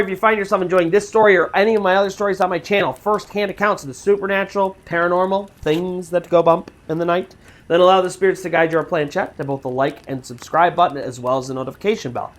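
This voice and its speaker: A storytelling channel host narrating a true scary story in a casual, conversational way with fillers. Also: mid-range voice.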